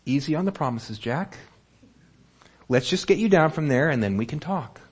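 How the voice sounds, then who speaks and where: A man doing a calm, steady God. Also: on the high side, moderate pace, husky, voice pushed up. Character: calm, gently amused God speaking to a man.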